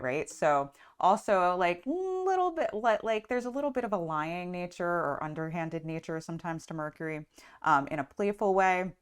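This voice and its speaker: A woman's voice: on the low side, animated, normal speed, smooth. Chatty woman retelling a myth. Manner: chatty, lots of "like" and "um". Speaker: astrology and tarot teacher. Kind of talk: casual storytelling lesson.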